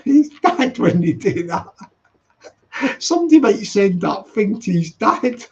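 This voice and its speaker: Chatty male streamer with a high, gravelly voice; teasing, laughs a lot; dull lo-fi sound. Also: very animated, a little slow, darkish tone. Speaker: live stream host reading chat. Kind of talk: casual late-night chat.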